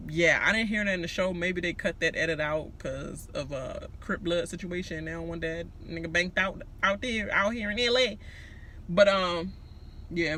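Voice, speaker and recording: A man from Washington D.C. giving a casual ranting TV recap, profane and animated, laughing and slipping into impressions. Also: on the high side, slight background noise. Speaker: recap vlogger.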